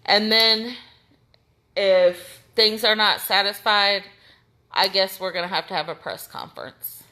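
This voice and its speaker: A woman's voice: mid-range voice, fairly even intonation, a little slow, bright, forceful tone. An American woman with a Midwestern accent, speaking out for a missing person's family in an impassioned, indignant rant straight to the camera, repeating her points with emphasis.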